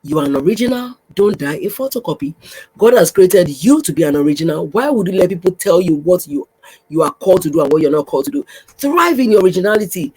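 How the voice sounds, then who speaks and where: A woman's voice: fairly low pitch, big pitch swings, fast, slightly rough, rough recording. A woman hosting a faith podcast, exhorting listeners with repeated, direct phrases. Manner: repetitive, exhorting, addresses listener warmly. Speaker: podcast host, pastor's wife.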